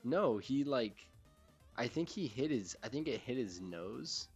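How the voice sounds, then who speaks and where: A man's voice: mid-range voice, animated, a little slow, darkish tone, husky, lo-fi sound, soft background music. A young man hosting a casual podcast, talking in a rambling, laid-back way with lots of fillers. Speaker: podcast host. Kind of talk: casual chat.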